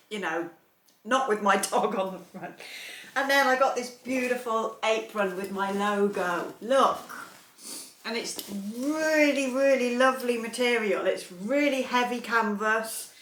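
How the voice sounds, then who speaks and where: A woman's voice: on the high side, normal speed, fairly bright tone, a little hiss or hum. Gushing woman in an echoey room. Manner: gushing, emotional, laughs often. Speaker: soap maker vlogger. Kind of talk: casual unboxing chat.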